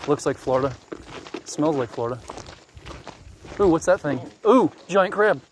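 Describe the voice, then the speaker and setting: A man's voice: fairly high pitch, lively intonation, normal speed. A man chatting and joking as he films a walk along a rural road at night, talking to the camera. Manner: joking, chatty, laughs easily. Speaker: vlogger filming a walk. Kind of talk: casual walking commentary. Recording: noisy outdoor camera audio.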